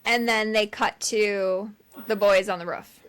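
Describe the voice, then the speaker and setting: A woman's voice: medium pitch, measured pace, clean tone. A woman co-hosting a film podcast, a mother, chatting casually and acting out lines from scenes. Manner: animated retelling with voiced quotes. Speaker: podcast co-host. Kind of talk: casual chat.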